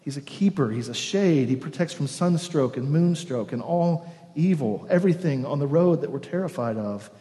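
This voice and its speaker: A man's voice: fairly high pitch, normal speed, dark tone. Preacher man in a reverberant church. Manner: storytelling preacher, dropping to near-whispers on key words. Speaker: pastor. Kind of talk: sermon. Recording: long reverb of a church hall.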